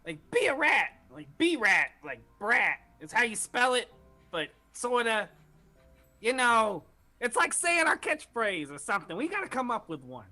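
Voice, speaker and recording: Man putting on a bright, lively, bossy young adventurer, faint music. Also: very high voice, normal speed, pitched above the performer's own voice, full character voice. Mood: eager.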